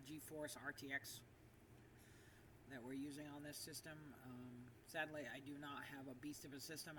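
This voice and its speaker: A woman streamer rambling casually while she plays a game, with lots of fillers, in an echoey room. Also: sits low. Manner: rambling and chatty with many fillers. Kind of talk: casual livestream chat while gaming. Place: room with echo. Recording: echoey far-off mic with background noise.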